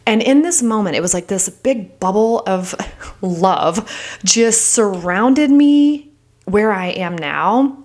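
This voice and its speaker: A woman's voice: mid-range voice, a little slow. A middle-aged woman hosting a podcast, talking earnestly and openly in a rambling personal monologue full of "like"s. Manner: earnest and open, rambling with many "like"s. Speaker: podcast host.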